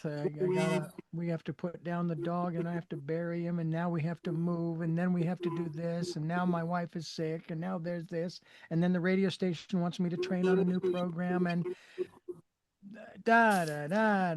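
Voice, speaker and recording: A man's voice: fairly high pitch, darkish tone. A male radio host interviewing a guest, speaking candidly and laughing at himself. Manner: candid, self-deprecating, laughs easily. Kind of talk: interview conversation.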